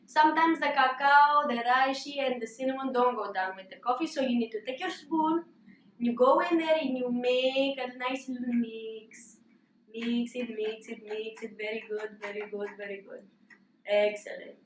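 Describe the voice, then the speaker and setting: A woman's voice: fairly high pitch, fairly even intonation, normal speed, slight background noise. A woman hosting a comedic cooking demonstration in a put-on Greek accent, giving mock-serious, coaxing instructions with playful repetitions. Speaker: host demonstrating a recipe. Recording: echoey room, voice from a distance.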